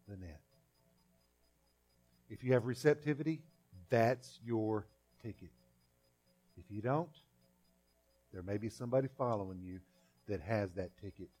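This folksy preacher has a low, slightly mellow, husky voice. He's a pastor giving a sermon, speaking conversationally, repeating phrases and acting out small scenes.

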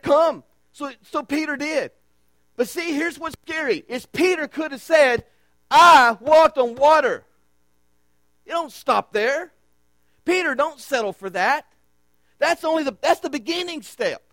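A man preaching a sermon as pastor, emphatic and repetitive, with dramatic pauses. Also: extremely high pitch, fairly bright tone, no echo. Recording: dry with mains hum.

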